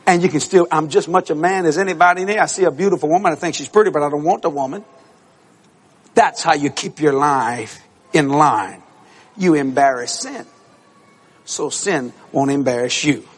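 A male preacher delivering an animated storytelling sermon to a congregation, acting out voices and breaking into shouts and laughter. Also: a little high, normal speed, slightly rough. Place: church service with congregation.

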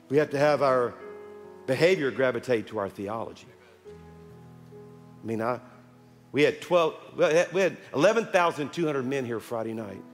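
A man preaching a sermon as pastor, building to loud calls at the congregation. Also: a little high. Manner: preaching with rising shouts to the congregation. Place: large church sanctuary. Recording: long hall reverb with music underneath.

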